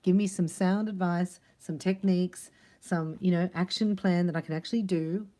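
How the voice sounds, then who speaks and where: A woman's voice: fairly low pitch, steady tone, normal speed, dark tone, natural voice. A woman voicing an earnest, devoted man who asks eagerly how to please his partner. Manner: earnest, pleading questions.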